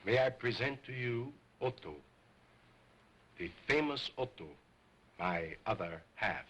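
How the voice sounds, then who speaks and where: A pompous stage ventriloquist. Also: male voice, medium pitch, expressive, slow, a bit bright, breathy edge, heavily acted, poor audio. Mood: grandiose. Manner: grandiose, stiffly formal, scolding. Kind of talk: early sound film acting.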